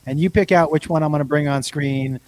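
A woman's voice: deep voice, fairly even intonation, brisk, a little mellow. A woman hosting a casual comedic live chat, rambling and cutting herself off, often laughing. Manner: rambling, self-interrupting, laughing. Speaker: host.

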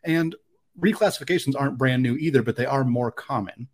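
A man's voice: mid-range voice, a little fast. A man co-hosting a casual sports podcast, thinking aloud in a musing way with a lot of likes and restarts. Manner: thoughtful, musing, many fillers. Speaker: podcast co-host.

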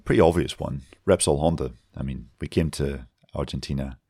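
A man with an extremely deep voice delivers motorsport analysis as a podcast co-host. He speaks fluently and matter-of-factly. The recording is dry, with no room sound. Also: a little fast, gravelly, mellow, slightly rough, dry recording.

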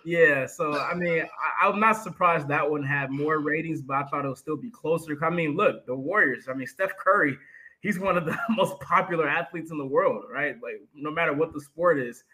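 Casting: male co-host, somewhat high, bright tone, relaxed chatty sports talk. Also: normal speed, poor audio. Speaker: podcast co-host. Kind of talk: casual sports podcast chat.

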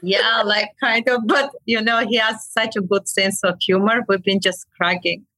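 A woman from Armenia with an Armenian accent, a clinic owner telling lively stories in casual, broken English during an interview. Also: mid-range voice, normal speed, dry recording, poor audio. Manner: animated storyteller, broken English, laughs often. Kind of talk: conversational interview.

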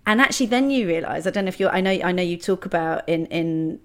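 A woman's voice: fairly low pitch, lively intonation, quick pace. A middle-aged woman, talking candidly and reflectively on a podcast, often restarting her sentences. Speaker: podcast host. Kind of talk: casual conversation.

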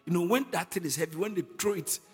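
A man preaching a sermon, moving between quiet teaching and shouted, repeated declarations. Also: high voice, quick pace, husky. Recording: long hall reverb with faint music.

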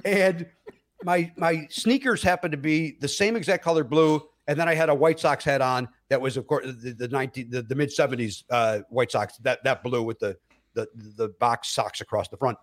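A man, a comedian, telling stories in a casual podcast chat, with loud acted-out quotes, many fillers and restarts, and frequent laughter. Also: mid-range voice, moderate pace. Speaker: comedian guest.

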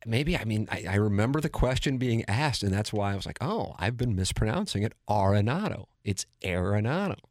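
A man's voice: lowish voice, brisk, few pauses, no room sound, studio quality. St. Louis-accented man hosting sports radio. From St. Louis area. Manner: reads listener texts, teasing and animated storytelling. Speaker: radio host. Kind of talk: casual sports radio banter.

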